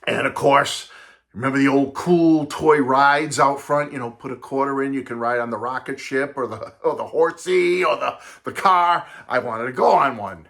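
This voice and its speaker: A man in his sixties hosting a vlog, telling a nostalgic personal story in a chatty, animated way, talking straight to his viewers. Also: medium pitch, moderate pace. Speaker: vlog host and record collector.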